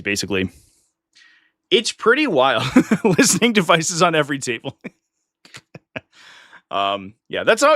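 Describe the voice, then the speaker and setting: A man hosting a casual live stream, his speech swinging up and down with plenty of life. His voice is bright and sits somewhat high for a man, and it sounds close and dry. He comes across chatty and opinionated. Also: dry recording. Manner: chatty and opinionated, slips into mock voices of others.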